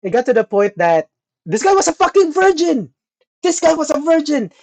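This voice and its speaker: Male podcast co-host, lively storyteller who swears a lot and acts out his quotes. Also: very high voice, moderate pace. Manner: animated, profane, mimics people in quotes. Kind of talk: casual storytelling chat.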